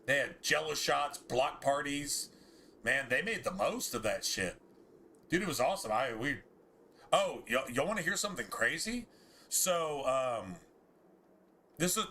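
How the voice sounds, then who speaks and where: A man's voice: medium pitch, pushed and bright, slight background noise. A man, telling a story casually on a game stream and ranting in a heated, profane way with many restarts.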